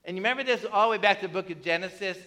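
A man's voice: high-pitched, racing, sharp tone. A man preaching a sermon in a conversational way, asking his listeners questions and often adding "right?". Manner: conversational preaching, asks the congregation questions, tags many lines with "right?". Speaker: pastor. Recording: long reverb of a church hall.

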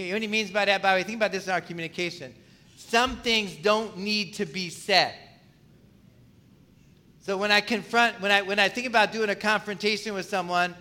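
A man's voice: sits high, sharp tone. A man preaching a sermon in a conversational way, often asking the congregation questions. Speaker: pastor.

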